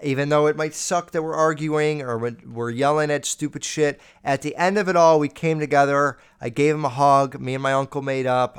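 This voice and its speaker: A man's voice: a little high, steady tone, moderate pace, hardly any pauses, smooth. A man in his early twenties hosting his own podcast, telling a family story in a rambling, swearing, casual way that heats up as he retells the argument. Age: 20s. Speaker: podcast host.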